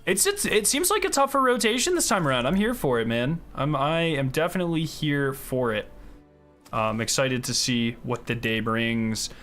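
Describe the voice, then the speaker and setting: Man, gaming streamer, hyped casual chat, swears freely, lively swooping voice, faint music underneath. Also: medium pitch, moderate pace. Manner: hyped, chatty, swears freely, greets viewers by name.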